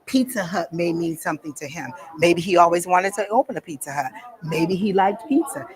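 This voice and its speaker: A woman with a fairly low voice speaks at a normal pace while teaching a workshop in an event room at a psychic fair. She talks casually and bluntly, acting out the voices of the people she quotes.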